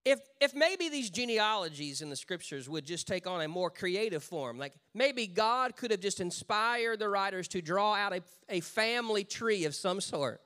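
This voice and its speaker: A high-pitched man preaching a sermon to his congregation. He moves between loud, rousing calls and low, slow, drawn-out emphasis. He slips into casual, joking asides along the way. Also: animated. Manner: conversational asides with humor. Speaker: pastor.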